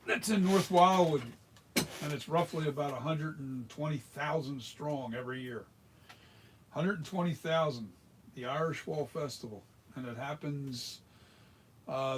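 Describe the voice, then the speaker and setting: Middle-aged man, rambling workshop chat, mutters to himself, faint background hiss. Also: fairly high pitch. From South Jersey, US. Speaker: mask maker. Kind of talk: casual workshop chat while working.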